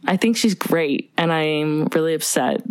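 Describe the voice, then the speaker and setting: A woman in her twenties co-hosting a podcast, telling animated stories in casual chat, swearing and laughing often. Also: low-pitched, a little slow, clean tone, no room sound. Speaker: podcast co-host.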